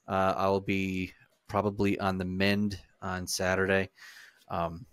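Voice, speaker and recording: A man with a lowish voice co-hosting a talk podcast, chatting in an easygoing way and telling stories with the odd "uh". He is recorded close and dry, with no echo. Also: monotone, measured pace, a bit bright. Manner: easygoing storyteller, fillers. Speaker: podcast co-host. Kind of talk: casual chat.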